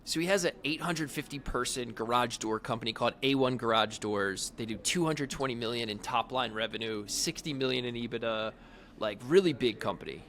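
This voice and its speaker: A man's voice: mid-range voice, brisk, fairly bright tone, a little hiss or hum. A middle-aged man hosting a podcast interview, talking casually and rambling with lots of fillers and restarts. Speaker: podcast host.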